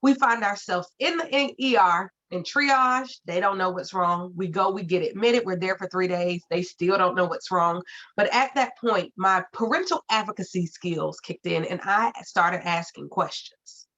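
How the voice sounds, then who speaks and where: A woman's voice: lowish voice, moderate pace, fairly bright tone. A woman giving a keynote talk, telling a personal story earnestly and repeating phrases for emphasis. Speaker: keynote speaker. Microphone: video call. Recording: muffled lo-fi audio.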